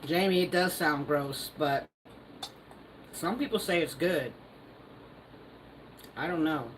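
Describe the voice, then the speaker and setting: A woman's voice: sits low, slow, slight background noise, poor audio. A woman hosting a live stream, casually reading viewer comments aloud and teasing them, laughing often. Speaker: livestream host.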